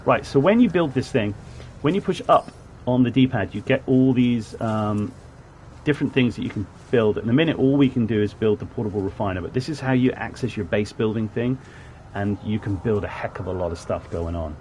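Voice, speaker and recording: A man's voice: on the low side, a little fast, a little mellow, a little hiss or hum. A man from southwest England chatting casually while streaming a game, rambling and greeting viewers in chat. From Plymouth, southwest England. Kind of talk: casual live-stream gameplay commentary.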